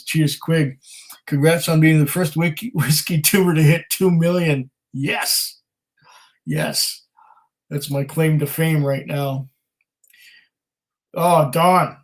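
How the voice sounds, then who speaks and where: A man's voice: fairly high pitch, low-quality recording. A man hosting a whisky channel, casually reading viewer comments aloud on a livestream in a rambling, self-deprecating way. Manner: rambling and self-deprecating, with many fillers and laughs.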